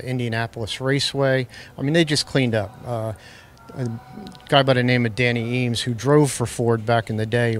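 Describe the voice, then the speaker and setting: A man who owns a classic car, telling its history in a relaxed, matter-of-fact way as an interview guest outdoors at a car show. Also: mid-range voice, slight background noise.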